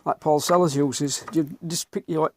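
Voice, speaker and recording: A man's voice: on the high side, steady tone, normal speed. Breathless Northern English man planing wood. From England. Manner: blunt, mutters while working, occasional mild swearing. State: slightly out of breath. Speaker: woodworker. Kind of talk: workshop commentary while working. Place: woodworking workshop. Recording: clear workshop noise behind. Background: planing, rubbing and wood noises.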